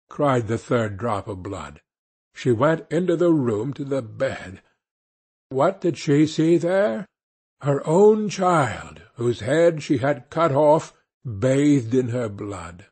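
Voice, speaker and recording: A man narrating a fairy tale audiobook with slow, expressive storytelling. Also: mid-range voice, slightly rough.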